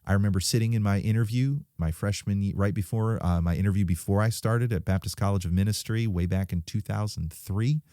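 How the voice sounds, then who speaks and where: A man preaching to young people, urging them with stories and sudden quiet drops, recorded close and dry. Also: fairly low pitch, a little fast, hardly any pauses, no echo.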